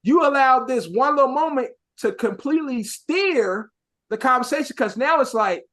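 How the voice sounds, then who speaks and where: A young man from Chicago co-hosting a podcast in casual chat, with a Chicago accent mixed with New York slang, talking in an animated, rambling way full of swearing. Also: very high voice, normal speed. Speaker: podcast co-host.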